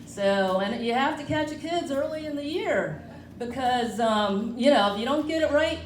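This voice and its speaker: A woman's voice: a little high, background noise. A woman doing a rambling, self-mocking stand-up comedy set at a brewery comedy night. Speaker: stand-up comic. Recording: echoey room, from far off.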